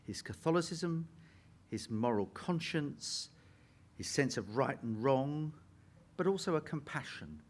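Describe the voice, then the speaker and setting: A man interviewing an actor, with a husky edge to his voice. He prompts his guest with lively, expressive questions and his pitch moves around freely. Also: unhurried.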